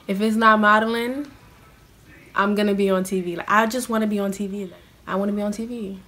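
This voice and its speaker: A woman's voice: medium pitch, steady tone, fairly quick, fairly bright tone. A young woman, chatting in a casual question-and-answer vlog. She is self-mocking and scatters "like" through her talk. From New York City. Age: young adult. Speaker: vlogger.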